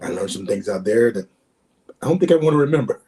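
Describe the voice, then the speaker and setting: A man's voice: lowish voice, lively intonation, fast, warm tone, a little hiss or hum. A man in his sixties, a former pro running back, telling stories as a podcast guest in an emphatic way, repeating words and acting out the exchanges he quotes. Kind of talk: podcast interview storytelling.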